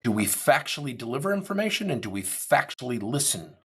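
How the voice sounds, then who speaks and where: A man in his fifties speaks as a corporate trainer, his husky voice swinging widely in pitch. He talks in an animated way and acts out the lines of the people in his stories. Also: fairly quick. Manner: animated, acts out quoted dialogue. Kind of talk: motivational talk.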